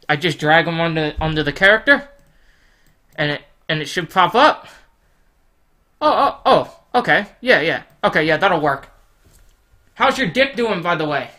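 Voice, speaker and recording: A brash man with a bright, forceful voice, cursing his way through comedic gameplay commentary. He plays at being rude, shouting mock insults one moment and muttering to himself the next. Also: high voice. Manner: brash, profane, mock-rude persona with mumbled asides. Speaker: guest gamer.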